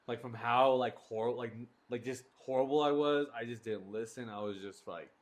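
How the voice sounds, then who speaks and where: A man's voice: mid-range voice, moderate pace. A man co-hosting a casual podcast, rambling with lots of filler words. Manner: rambling with many fillers like "dude". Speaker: podcast co-host. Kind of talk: casual chat.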